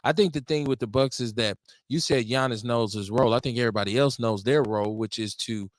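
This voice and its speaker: A man hosting a casual sports talk show, speaking in a measured, halting way. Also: mid-range voice, no echo. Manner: measured, halting, with fillers and restarts. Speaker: host.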